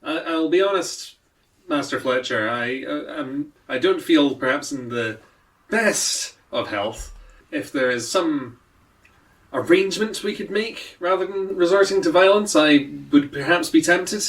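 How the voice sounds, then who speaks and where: A man's voice: fairly high pitch, lively intonation, a little slow, distant mic. A man voicing a formal, polite male adventurer who sounds weary.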